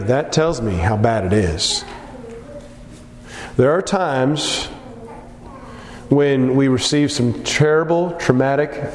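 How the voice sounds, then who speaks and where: A man preaching a sermon in an animated way, acting out characters from the story as he goes. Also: medium pitch, a little hiss or hum. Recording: echoey hall with long reverb.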